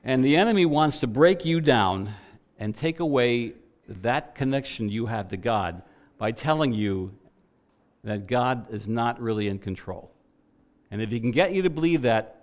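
A man's voice: mid-range voice, moderate pace. Man preaching through a personal story. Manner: animated storytelling with quoted voices.

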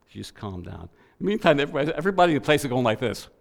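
A man preaches to a church congregation and builds his message from a personal story. He tells it in an animated way and acts out the voices of the people he met. His voice sits in an average range for a man. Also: medium pitch, racing, vocal fry.

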